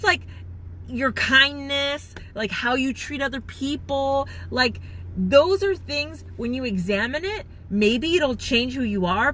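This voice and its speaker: Woman on a phone livestream, bright highish voice, emotional, chatty and gushy, lots of ums. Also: slight background noise. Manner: gushing, heartfelt, chatty with many fillers. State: near tears. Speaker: reseller live-streaming to viewers. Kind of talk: emotional live-stream chat.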